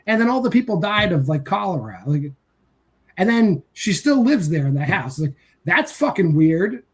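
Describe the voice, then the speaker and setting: A man's voice: sits high, very animated, moderate pace. A man co-hosting a casual horror movie review, ranting with exasperated profanity. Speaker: podcast co-host.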